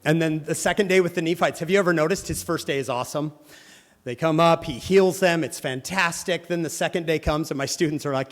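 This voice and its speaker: A man's voice: on the high side, fairly quick. Guy giving a sermon, acts out the people in his stories, echoey big hall. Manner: animated storyteller acting out quoted people. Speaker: religious teacher speaking to a congregation. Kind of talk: sermon with storytelling. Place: church hall.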